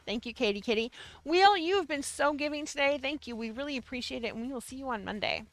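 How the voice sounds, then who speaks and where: A woman hosting a casual livestream, chatting with her viewers in a bubbly, excitable way. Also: sits high, quick pace. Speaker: livestream host of a yarn shop show.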